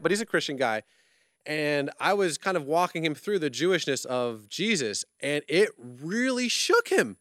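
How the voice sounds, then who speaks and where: A man hosting an interview, talking in an animated, enthusiastic, casual way with slangy turns of phrase. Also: a little high, normal speed, no echo, clean studio sound. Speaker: interview host. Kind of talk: casual chat.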